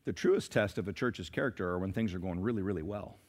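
A pastor preaching a sermon in a church, who has been a little sick this week. He moves from forceful scripture reading to conversational stories and calls on the congregation to answer. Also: low-pitched, quick pace, big-room sound. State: a little sick, clearing throat. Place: church sanctuary.

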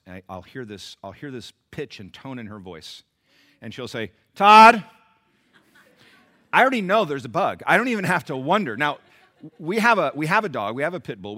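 A man delivers a sermon, his pitch moving a great deal as he alternates between loud, driving emphasis and soft, confiding asides. His tone is bright and forward, and his delivery is animated. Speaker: pastor.

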